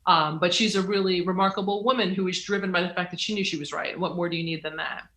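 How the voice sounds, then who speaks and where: A middle-aged woman speaks as an interview guest, swinging between her own voice and acted-out quotes with quick leaps and bursts of laughter. Her tone is bright and forward. The room around her rings with a noticeable echo. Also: on the low side, steady tone. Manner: acts out quoted dialogue with big jumps, laughs while telling stories. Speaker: guest, author and journalist. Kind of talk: animated interview conversation. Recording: roomy echo.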